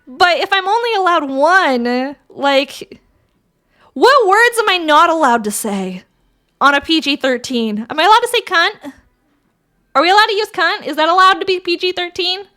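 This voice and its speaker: A woman's voice: extremely high pitch, lively intonation, normal speed, bright, forceful tone. A woman streamer chatting casually with her viewers, crude and giggly, bantering with chat. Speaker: VTuber streamer.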